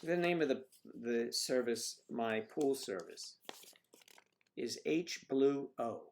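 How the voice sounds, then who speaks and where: A middle-aged man hosts a relaxed livestream from home, joking around and talking back to his viewers' comments. His voice sits at an ordinary middle pitch, and he keeps a loose, chatty manner. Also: slow pace, a little hiss or hum. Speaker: livestream host. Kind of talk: casual livestream chat.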